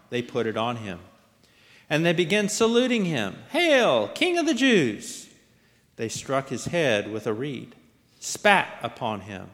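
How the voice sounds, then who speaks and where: A man's voice: mid-range voice, fairly bright tone. A man giving a liturgical scripture reading, dramatic in delivery and lifting his voice for the quoted lines. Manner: dramatic, lifts and raises voice for quoted speech. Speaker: scripture reader. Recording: long hall reverb.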